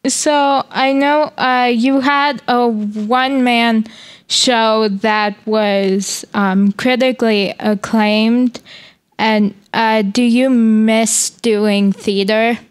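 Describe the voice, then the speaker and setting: Hesitant female host, high, very slow, crisp clear tone. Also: fairly even intonation. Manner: hesitant, many "um"s. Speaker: interview host. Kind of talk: interview questions.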